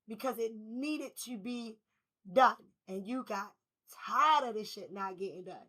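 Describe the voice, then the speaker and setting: Bright-voiced woman giving a spiritual reading. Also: on the high side, lively intonation, a little slow, poor audio. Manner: emphatic, repetitive, casual slang and swearing. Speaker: tarot reader.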